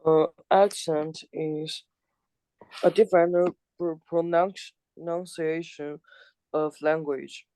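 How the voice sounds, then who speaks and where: A man learning in class, answering vocabulary questions in a halting, hesitant way with restarts. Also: on the high side, little pitch movement, a little mellow, clear, resonant tone, no echo, poor audio. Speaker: language student.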